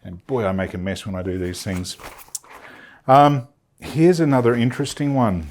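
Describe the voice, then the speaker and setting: A man's voice: medium pitch, moderate pace, a little mellow, slight background noise. Chatty man demonstrating. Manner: chatty, enthusiastic, thinks aloud with fillers. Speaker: sewing demonstrator. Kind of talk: casual product demonstration. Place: film studio.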